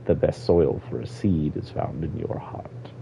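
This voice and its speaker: A man voicing a sad old Argonian woman elder in a put-on Jamaican-style accent, speaking slowly and quietly over dull lo-fi stream audio. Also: very deep voice, lively intonation, vocal fry, slight background noise, heavily acted. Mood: solemn.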